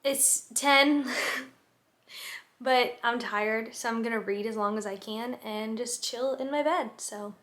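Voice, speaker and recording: Her voice is on the high side and a bit bright, and she takes things slowly. She's a twenty-something student vlogging casually at home, moving between kitchen and bedroom, full of fillers like "like" and small giggles.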